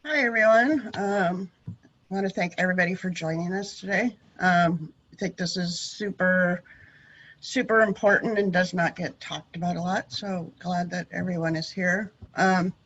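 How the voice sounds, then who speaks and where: A woman's voice: fairly low pitch, normal speed, a bit bright, highs cut off. A woman moderating a webinar panel over a video call, talking with frequent hesitations. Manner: hesitant, many ums.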